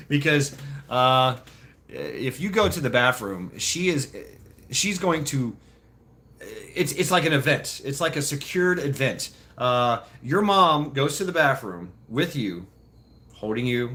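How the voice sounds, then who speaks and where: A man's voice: medium pitch, big pitch swings, takes it slowly, bright, forceful tone. A man telling childhood stories casually to a live chat, laughing often and swearing freely. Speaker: streamer.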